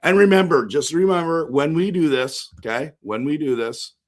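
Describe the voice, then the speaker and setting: A man with a hoarse, worn-out voice hosting a casual live-stream post-game show, rambling, answering chat and breaking into excited outbursts. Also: fairly high pitch, moderate pace. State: hoarse, voice shot.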